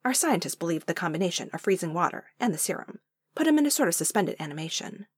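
A woman voicing a careful, reserved male government agent who speaks quietly and evenly. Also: fairly low pitch, sing-song, quick pace, slightly rough, no echo, studio quality. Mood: measured.

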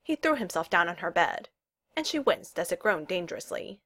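A woman reading a storybook aloud, giving the characters' lines their own voices. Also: normal speed. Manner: reads narration evenly and voices the characters' lines with lively pitch jumps. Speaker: audiobook reader. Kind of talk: storybook narration.

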